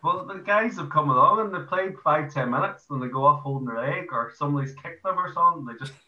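A man's voice: fairly high pitch, fast, sharp tone, dull audio. Irish man on a distant echoey call. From Ireland. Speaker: guest, amateur footy ruckman. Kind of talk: casual podcast interview.

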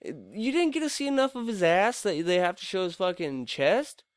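A man's voice: high-pitched, sing-song, moderate pace, smooth, no echo, clean studio sound. A young man co-hosting a casual movie review podcast, blunt and joking with constant swearing. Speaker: podcast co-host.

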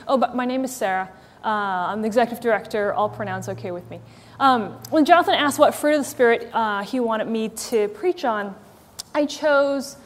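A woman's voice: on the high side, in a large hall. A woman giving a casual conversational sermon as a church's executive director, chatty and wry, with frequent ums and likes. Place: church meeting hall with live audience.

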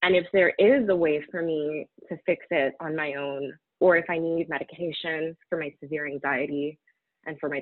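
A woman speaking candidly in an interview, halting and emotional, close to tears at times. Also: lowish voice, no room sound. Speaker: guest sharing a personal story. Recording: tinny phone-like audio.

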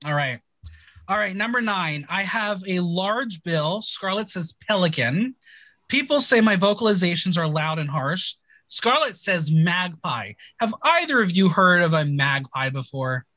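A man's voice: sits high, measured pace, dry recording. A man hosting a podcast, casually recapping a TV show with jokes and laughter. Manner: animated, laughing, joking. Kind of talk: casual chat.

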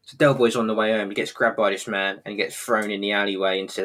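A man casually retelling a TV episode scene by scene, rambling and halting with plenty of fillers. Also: on the low side, fairly even intonation, a bit bright.

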